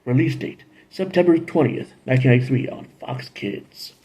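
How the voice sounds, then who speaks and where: A man with a gravelly, husky voice talks through TV episodes in a loose, casual review. He rambles, drifts into playful side comments and hums little tunes as he goes. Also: medium pitch, moderate pace, warm tone. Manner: rambling, playful asides and humming.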